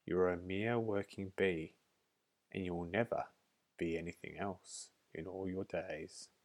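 A man's voice: low-pitched, fairly even intonation, a little slow. A man voicing a mocking, scolding old female nurse bee in a storybook reading.

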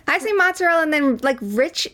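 A woman co-hosts a casual hockey podcast, talking in a chatty, giggly way full of fillers. Her voice sits a bit higher than most. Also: animated, a little fast, fairly bright tone. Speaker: podcast co-host.

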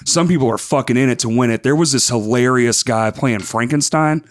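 A man hosting a podcast, telling con stories in a profane, animated casual way. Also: mid-range voice, fairly quick. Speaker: podcast host.

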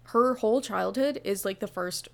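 A woman's voice: medium pitch, moderate pace, vocal fry. A young woman guest on a casual book podcast, rambling and blunt, with constant "like" fillers. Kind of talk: casual book review chat.

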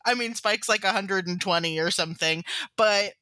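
A woman's voice: medium pitch, moderate pace, pushed and bright, dry recording. A woman who is a guest on a podcast, talking playfully and with emphasis. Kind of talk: casual recap chat.

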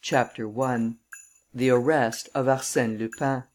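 A woman reading a classic novel aloud as an audiobook narrator, measured and formal. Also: very deep voice, fairly even intonation, a little mellow, a little hiss or hum. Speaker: audiobook reader.

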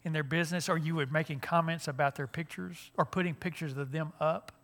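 A man's voice: fairly high pitch, fairly even intonation, brisk, fairly bright tone. An older man, giving a folksy, joking talk at a church conference, with frequent restarts. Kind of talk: humorous seminar talk.

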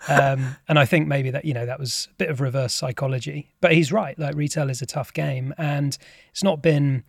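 A man's voice: mid-range voice, fairly even intonation, moderate pace, creaky, no room sound. Chatty self-deprecating man, dry studio sound. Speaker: podcast guest, company chairman. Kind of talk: casual interview chat.

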